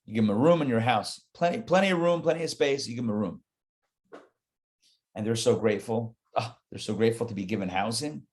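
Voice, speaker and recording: A man, a rabbi, teaching a live Torah class in an animated, conversational way, talking straight to his listeners. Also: medium pitch, brisk.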